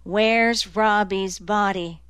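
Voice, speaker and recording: A woman's voice: mid-range voice, fairly even intonation, slow pace, fairly bright tone, clean tone, dry recording, clean studio sound. A woman voicing a male detective who presses a dying man with urgent, insistent questions.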